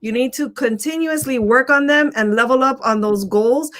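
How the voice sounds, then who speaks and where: Female host of a motivational live stream: emphatic, repeats key lines, voice a touch higher than usual. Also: moderate pace, a bit bright. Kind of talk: casual motivational talk.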